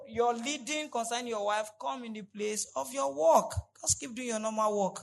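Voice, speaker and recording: A man preaching a sermon, repeating his points and rising to loud, emphatic peaks. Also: very high-pitched, moderate pace, creaky, hardly any pauses, poor audio. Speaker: pastor.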